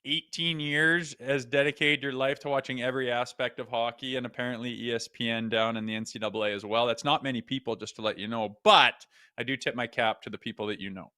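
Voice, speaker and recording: A man co-hosting a hockey podcast in a lively, sarcastic, profane way. His voice is bright and sharp. It is recorded dry and close. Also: mid-range voice, fast talker, hardly any pauses, smooth, no echo. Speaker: podcast co-host. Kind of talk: casual sports chat.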